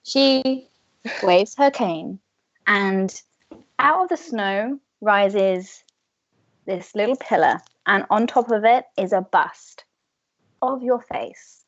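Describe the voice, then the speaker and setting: A woman running a tabletop game as game master, telling the story in a lively, casual way. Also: medium pitch, slow pace, pauses often, lo-fi sound.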